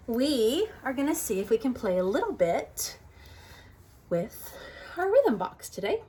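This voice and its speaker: A woman teaching a toddler music class, talking in a bright sing-song way and singing slow children's songs. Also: mid-range voice, a little hiss or hum.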